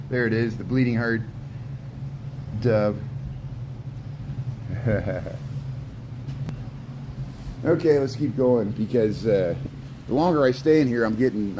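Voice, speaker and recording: A man vlogs a casual stroll through a zoo birdhouse, addressing the birds and often letting words repeat or trail away. His voice is lowish, and the background is noisy.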